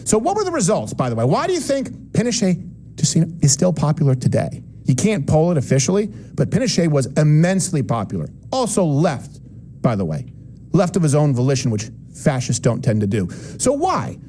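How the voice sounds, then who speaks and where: A man hosting a commentary show, delivering an opinionated monologue with sarcastic, emphatic swings between loud and low. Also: wildly swooping pitch, brisk.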